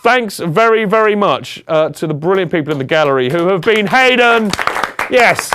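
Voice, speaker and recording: A man's voice: sits high, lively intonation, unhurried, noisy background. A man hosting a fan podcast in casual, jokey, rambling chat. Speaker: podcast host.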